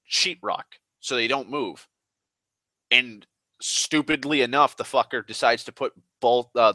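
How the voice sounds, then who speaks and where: A man's voice: mid-range voice, sharp tone, no room sound. A young man telling a long profane story in an exasperated rant, often slipping into other people's voices.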